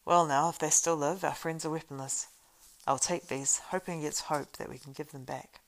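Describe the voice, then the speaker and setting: Using a low-pitched, steady voice, a woman reading a story aloud portrays a grave and weary man who leads the group. His lines are solemn, measured and old-fashioned, delivered with an intent mood.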